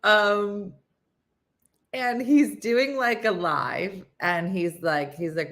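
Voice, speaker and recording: A woman's voice: mid-range voice, very slow, fairly bright tone. A woman hosting a casual morning chat show, rambling through stories, laughing at them and losing her train of thought.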